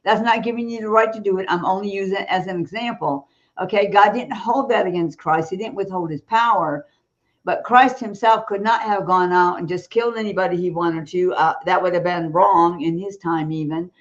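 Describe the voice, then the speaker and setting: A woman's voice: fairly low pitch, a little fast, muffled recording. A woman guest on a Christian talk show, speaking bluntly and emphatically about prayer and sin, laughing between her points. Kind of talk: blunt preaching-style talk.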